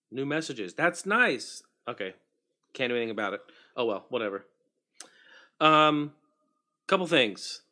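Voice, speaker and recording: A man talks casually to his livestream audience in a bright, forceful voice, middle pitch. He calls out viewers by name and murmurs asides while he works on his setup. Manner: chatty, greets viewers by name, mutters while fixing tech. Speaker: livestream host.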